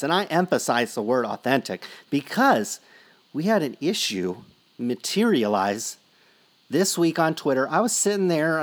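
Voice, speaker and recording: A man hosting a sports card podcast in a casual, rambling conversational way. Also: mid-range voice. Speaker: podcast host.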